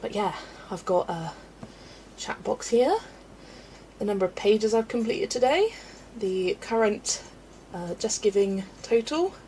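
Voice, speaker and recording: A woman's voice: mid-range voice, expressive, unhurried, mellow, a little hiss or hum. A woman hosting a casual livestream, chatty and laughing often as she greets viewers by name, a little out of breath. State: slightly out of breath. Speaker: livestream host.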